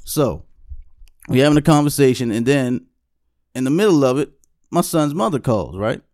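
A man's voice: medium pitch, lively intonation, normal speed, a little mellow, no room sound, studio quality. Laid-back man telling a story on a podcast. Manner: laid-back storytelling, frequent laughs and "you know what I'm saying". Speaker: podcast host. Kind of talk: casual podcast chat.

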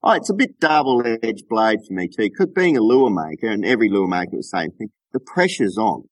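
An Australian man, a lure maker, chatting casually on a call in a relaxed, joking way full of local slang. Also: on the low side, fairly quick, no room sound. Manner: laid-back, joking, uses local slang. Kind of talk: casual chat over a call.

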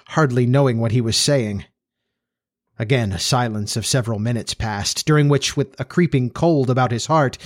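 A man narrating a story in a measured, steady reading style. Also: medium pitch, no room sound, studio quality.

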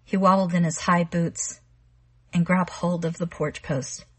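A woman reads literary fiction aloud in a measured, quiet way. Her voice sits low and has a soft, breathy edge. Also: fairly even intonation, dry recording. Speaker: narrator. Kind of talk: literary audiobook narration.

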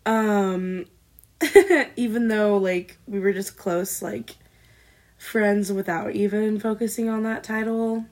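A woman's voice: medium pitch, slow pace, darkish tone. A young woman in her twenties co-hosting a casual podcast, loose and laughing, swearing freely, recorded on a built-in laptop mic. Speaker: podcast co-host. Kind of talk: casual chat.

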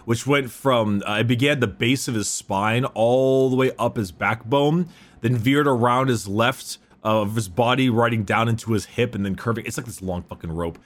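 A man in casual podcast chat about game lore, animated and profane, sometimes reading quotes with dramatic delivery. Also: mid-range voice, moderate pace. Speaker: podcast co-host.

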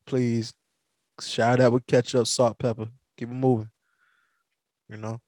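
A man's voice: mid-range voice, a little slow, dry recording, clean studio sound. A man from the American South hosting a podcast, telling stories animatedly with lots of restarts. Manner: animated storytelling, stumbling restarts, laughing. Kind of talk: casual chat.

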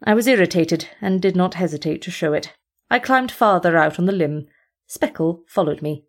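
A woman narrating a storybook in a measured, formal first-person reading. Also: fairly low pitch, animated. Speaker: audiobook reader.

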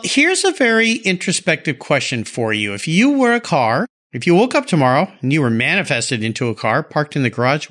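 An upbeat man hosting a podcast, moving between chat with a guest and sponsor reads. His voice is bright and forward, with a lively, swinging pitch. It sits a little high for a man. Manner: upbeat, lively host delivery. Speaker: podcast host.

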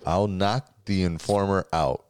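A man's voice: low-pitched, steady tone, measured pace, a little mellow, clean tone, no echo. A man co-hosting a podcast in casual chat, reading articles aloud and dropping short dry remarks. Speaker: podcast co-host.

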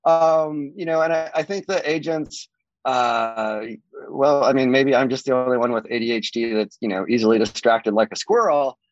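A man's voice: normal speed, no room sound, dull audio. A man, a real estate agent, talking casually in an interview, rambling with many fillers. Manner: rambling, many fillers, lively swings in pitch.

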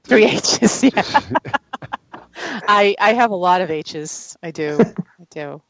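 A woman's voice: fairly low pitch, takes it slowly, no room sound. A woman with a New England accent hosting a podcast, laughing and self-deprecating. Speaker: podcast host. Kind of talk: casual podcast chat.

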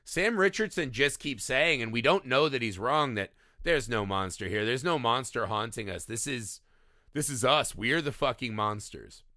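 A man with a medium-pitched, animated voice co-hosts a casual film discussion podcast, speaking at a normal speed with a sharp tone. He's from small-town America, keeps things loose and profane, and often ends his points with "right?". The recording is dry and studio quality.

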